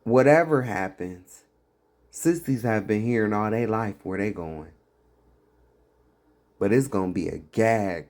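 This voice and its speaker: A man's voice: lowish voice, unhurried, long pauses, darkish tone. A man giving fiery, blunt commentary on preachers, scornful and mocking. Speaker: religious commentator.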